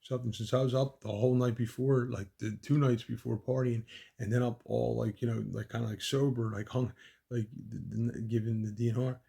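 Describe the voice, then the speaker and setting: A man with a dark, gravelly, husky voice tells a long, rambling personal story. He swears freely and keeps restarting his sentences. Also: medium pitch, little pitch movement, fairly quick. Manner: profane, repetitive, restarts often. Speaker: son recounting his mother's death.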